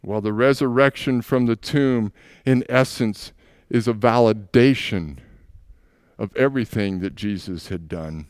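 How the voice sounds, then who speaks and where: A man's voice: lowish voice, a little slow, a little mellow, clean tone, no echo, clean studio sound. A man preaching a sermon as pastor, retelling scripture scenes as stories and acting out the voices in them.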